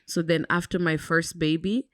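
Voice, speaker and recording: Low-voiced woman chatting candidly. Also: steady tone, moderate pace, no echo, clean studio sound. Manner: candid, reflective, fillers like "um" and "like". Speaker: podcast co-host. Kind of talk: casual chat.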